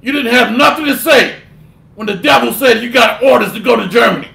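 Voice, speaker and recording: A man delivers a fierce, scolding sermon in a strikingly high, gravelly voice. His tone is sharp and bright as he rebukes his listeners and mocks them in put-on voices. The recording sounds like an echoey room. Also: a little fast. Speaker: preacher.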